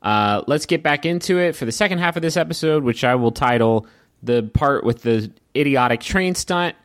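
A man's voice: medium pitch, moderate pace. A man hosting a podcast, reading listener messages and ads with self-mocking asides, then narrating a tabletop game as game master. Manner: relaxed, self-mocking aside-heavy delivery.

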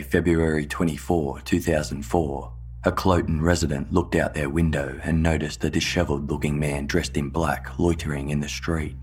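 A man with an extremely deep, low voice narrates a true-crime story from a script. His delivery is measured and even, with faint music underneath.

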